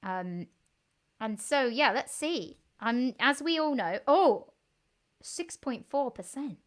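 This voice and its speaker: A woman's voice: high-pitched, lively intonation, slow pace. A woman co-hosting a home music stream in casual chat, giggly and a bit bashful, reading a beer label aloud.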